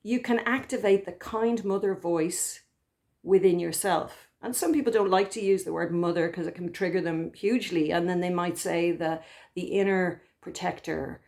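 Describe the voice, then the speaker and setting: A gentle woman talks things through as a therapist, calm and thoughtful. Her speech moves in soft, unhurried phrases, and she often pauses to find the right word. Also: on the low side. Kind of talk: reflective spoken talk to camera.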